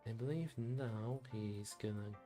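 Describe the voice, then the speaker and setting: A man streaming a story game, softly thinking aloud to himself as he plays. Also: fairly low pitch, unhurried, faint music behind. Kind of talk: quiet game commentary.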